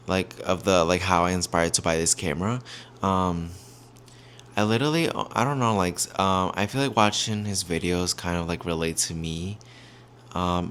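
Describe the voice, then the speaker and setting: A man's voice: low-pitched, fairly bright tone, slight background noise. A young man chatting casually to viewers in a vlog on a handheld mic, rambling with lots of fillers. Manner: rambling, heavy fillers, addresses viewers as y'all. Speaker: YouTuber.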